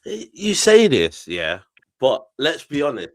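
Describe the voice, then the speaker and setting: A man's voice: mid-range voice, wildly swooping pitch, a little slow, no echo. A man in a casual football debate who pushes back insistently on the others' points.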